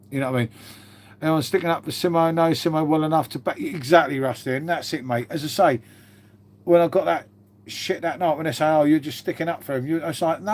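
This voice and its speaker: A man chatting casually on a live stream, swearing freely and calling his viewers mate. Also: fairly high pitch.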